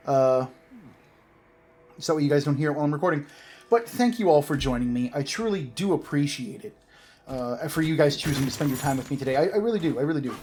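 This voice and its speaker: Here a Canadian gaming host in his thirties tells a rambling, self-mocking story while commentating a video game in a casual way. The voice is a little high and a little mellow, with a slight hiss or hum on the recording.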